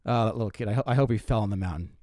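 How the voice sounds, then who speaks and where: A young man hosting a podcast, telling a comic story in a casual, animated way, stumbling and restarting often. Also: racing, no room sound, studio quality. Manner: animated, self-interrupting, swears, jumps pitch for quoted lines. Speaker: comedian podcast host.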